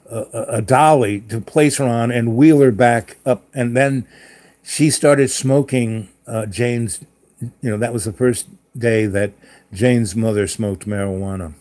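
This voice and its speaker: A man of middling pitch hosts a live chat. He tells a long story in a loose, rambling way, stopping and restarting often. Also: darkish tone. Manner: rambling, with many fillers and restarts. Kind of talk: casual storytelling monologue.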